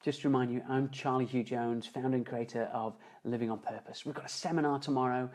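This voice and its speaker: A man telling an emotional story as a motivational speaker on a live stream, earnest, slowing and dropping softer for emphasis. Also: medium pitch, steady tone, poor audio. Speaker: motivational speaker and seminar founder. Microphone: phone or webcam on a live stream.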